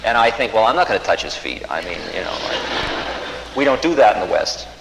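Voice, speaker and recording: Мужчина, рассказывающий историю в гулком зале. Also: male voice, lowish voice, big pitch swings, brisk, background noise. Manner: wry, self-mocking storytelling with quoted voices. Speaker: spiritual teacher telling a story. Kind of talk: storytelling talk. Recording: echoey hall with faint ambience.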